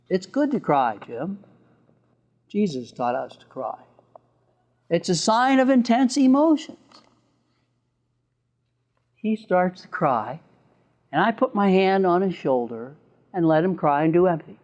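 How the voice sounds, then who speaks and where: A man, a therapist, lecturing an audience with an animated, chuckling storytelling manner and sound effects. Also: fairly high pitch, measured pace, long pauses.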